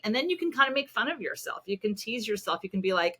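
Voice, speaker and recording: A middle-aged woman guesting on a podcast, her voice bright and forward. She tells family stories in a lively, self-deprecating way and pokes fun at herself. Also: mid-range voice, brisk, few pauses. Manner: animated storytelling, self-deprecating. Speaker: podcast guest, parenting expert. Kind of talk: casual podcast conversation.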